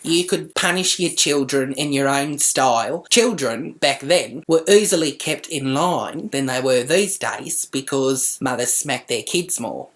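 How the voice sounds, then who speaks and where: A man's voice: fairly high pitch, a bit bright, lightly acted. A man playing a brash, blunt middle-aged Australian mother in a comic vlog monologue, speaking crude and matter-of-fact.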